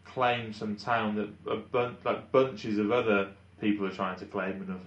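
A man's voice: fairly low pitch, steady tone, normal speed, a bit bright, dull audio. A man hosting a podcast, chatting casually with dry joking asides. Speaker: podcast host. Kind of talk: casual chat.

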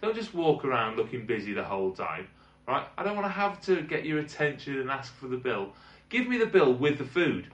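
A man's voice: medium pitch, sing-song, brisk, a bit bright. A British man telling a long, exasperated restaurant anecdote in casual chat, rambling and swearing as he rants. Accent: British English. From Britain. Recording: roomy, distant, dull lo-fi sound.

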